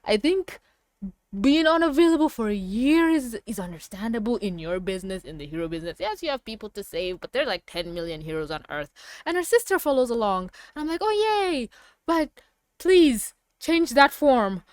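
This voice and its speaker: A woman giving a casual review of a TV episode, rambling and excitable, with emphatic outbursts. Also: on the high side, a little fast, no room sound, studio quality.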